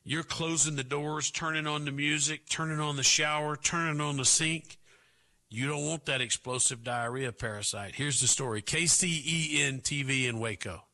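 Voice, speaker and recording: A man hosting a talk radio show, delivering sarcastic commentary with drawn-out asides. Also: on the high side, pushed and bright.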